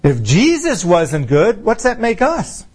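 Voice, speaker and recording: A man preaching an informal sermon to his fellowship, conversational, full of rhetorical questions, slowing down for emphasis. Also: sits high, huge pitch swings, breathy edge. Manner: conversational, rhetorical questions, swings between slow emphasis and quick asides.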